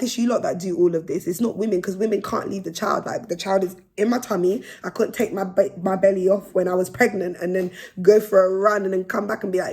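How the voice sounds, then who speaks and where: A woman's voice: medium pitch, brisk, few pauses, slightly rough. A young woman chatting frankly and with energy to her phone camera as a vlogger. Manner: frank, animated, laughs between points. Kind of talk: casual chat to camera.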